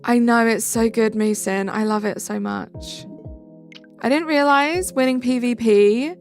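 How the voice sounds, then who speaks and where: Young english woman streaming, kinda high voice w/ some fry, music going faintly behind. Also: unhurried. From England. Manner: chatty, reacts aloud to viewer comments. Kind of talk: live stream chat, reading comments.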